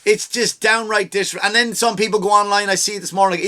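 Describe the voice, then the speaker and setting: A man's voice: sits high, steady tone, fairly quick, pushed and bright. An Irish man hosting a comedy podcast, delivering a heated, profane rant. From Ireland.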